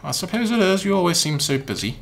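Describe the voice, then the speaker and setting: Man doing a soft, earnest schoolgirl. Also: sits high, sing-song, fast talker, gravelly, soft background music, pitched above the performer's own voice, heavily acted. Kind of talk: reading game dialogue aloud.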